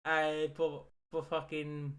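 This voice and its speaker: Fast-talking young Irish man, bright high voice. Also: completely flat delivery. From Ireland. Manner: fast-talking, sweary, laughs while telling stories. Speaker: podcast co-host. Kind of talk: casual podcast chat.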